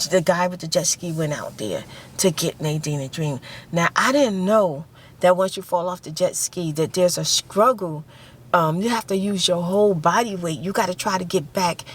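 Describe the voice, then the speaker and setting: A woman casually telling an emotional personal story, repeating phrases and acting out voices. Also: on the low side. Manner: emotional, repeats phrases, acts out screams and quotes. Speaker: ASMR vlogger.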